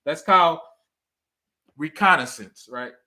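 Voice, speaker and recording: A middle-aged man hosts a cybersecurity channel livestream, reading chat and commenting casually, laughing often and checking in with "right?". His voice is fairly high, a little slow, bright and forceful.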